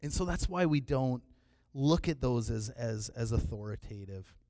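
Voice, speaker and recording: A middle-aged man preaching a sermon in a relaxed, conversational way, often restarting his phrases. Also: mid-range voice, moderate pace, dry recording. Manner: conversational, repeats words when restarting. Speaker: pastor.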